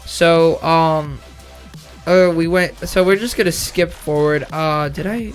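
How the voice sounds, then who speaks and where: A man's voice: on the high side, slow, soft background music. A young man casually telling a rambling story about his school year, often correcting himself and swearing. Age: young adult. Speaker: vlogger.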